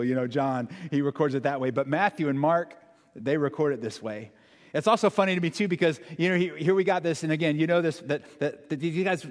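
Animated preacher, slightly high voice, hall echo. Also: male voice, fairly quick. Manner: animated, conversational preaching with dramatic emphasis. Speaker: pastor. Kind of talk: sermon. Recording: long hall reverb.

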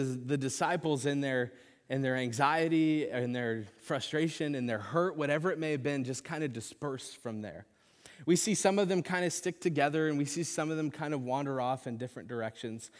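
A man preaching a sermon as a pastor, earnest and conversational, with casual fillers. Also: medium pitch. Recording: long reverb of a large hall.

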